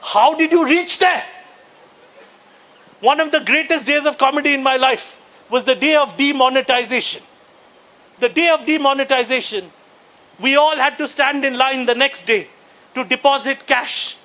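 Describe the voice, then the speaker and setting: A man's voice: very high-pitched, normal speed, bright, forceful tone. A man in his forties with an Indian English accent, doing a stand-up comedy set and acting out characters with a punchy delivery. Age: 40s. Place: conference hall before a live audience.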